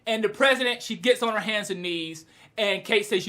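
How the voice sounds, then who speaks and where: Excitable young woman with a bright voice. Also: medium pitch, normal speed. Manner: animated, excitable, breaks into shouts; slangy, retells scenes with quoted lines. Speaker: manga reviewer. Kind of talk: casual video review.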